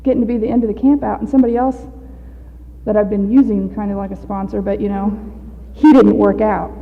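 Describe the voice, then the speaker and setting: A woman's voice: mid-range voice, level tone, gravelly, slight background noise. Candid woman sharing in an echoey hall. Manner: candid, halting, laughs often. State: out of breath. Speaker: speaker at a recovery meeting. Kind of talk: personal testimony. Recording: dull echoey hall recording.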